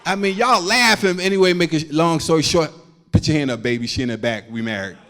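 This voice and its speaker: A man's voice: fairly high pitch, a little fast, a bit bright. Slangy stand-up comic man. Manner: loose slangy storytelling, acts out quotes. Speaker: stand-up comedian. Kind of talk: stand-up comedy set.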